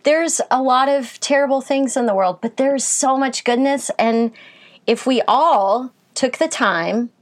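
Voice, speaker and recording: A woman's voice: high-pitched, measured pace. Candid, easygoing woman chatting. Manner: candid, laughs easily, swears casually. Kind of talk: casual chat.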